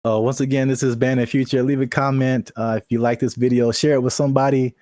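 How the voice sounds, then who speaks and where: A man's voice: medium pitch, level tone, fast talker, dark tone, no room sound, studio quality. A young man co-hosting a casual podcast, playful and teasing, laughing often. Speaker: podcast co-host.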